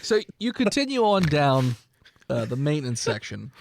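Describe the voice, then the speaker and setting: Gravelly lively-voiced man narrating a game. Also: on the high side, moderate pace, slight background noise. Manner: laid-back narration with frequent fillers. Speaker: game master. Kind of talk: narrating an improv tabletop game.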